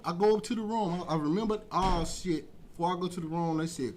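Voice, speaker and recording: A man tells a rambling, profane story in casual talk, swinging from loud animated bursts to quiet asides. His voice sits a bit high for a man. Faint background noise runs under the recording. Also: fast talker, hardly any pauses. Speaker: podcast guest telling a story.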